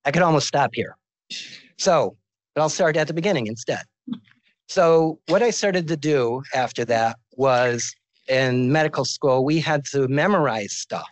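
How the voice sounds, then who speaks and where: A man's voice: on the high side, expressive, measured pace, dry recording, low-quality recording. Older man giving a joking medical lecture. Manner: informal, joking storyteller. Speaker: visiting professor of medicine.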